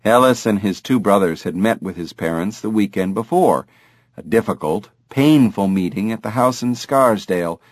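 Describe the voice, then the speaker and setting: A man narrating an audiobook in an expressive, animated reading style. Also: lowish voice, moderate pace, no echo, clean studio sound. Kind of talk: scripted narration.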